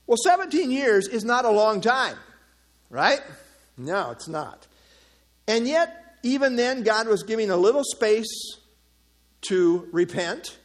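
Man, high voice, pastor, expository sermon, earnest teaching. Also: very animated, slow pace, long pauses. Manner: earnest teaching, reads scripture aloud, informal asides.

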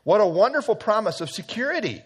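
A man's voice: sits high, sing-song, quick pace, a bit bright, slightly rough. A man teaching an evening Bible study, earnest and emphatic, quoting scripture at length.

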